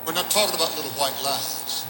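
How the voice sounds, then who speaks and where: Impassioned high-voiced male revival preacher. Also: brisk, reverberant, heavy background noise. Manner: impassioned, swings from shouting to hushed. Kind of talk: revival sermon. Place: large church or auditorium.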